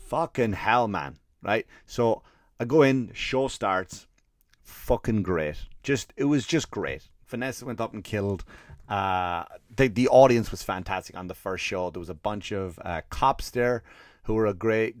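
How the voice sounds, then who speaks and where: A man's voice: on the low side, no room sound, clean studio sound. An Irish man, a comedian hosting his podcast, tells a comic story in a profane, exasperated rant and acts out the people in it. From Ireland. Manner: profane, exasperated ranting with acted quotes.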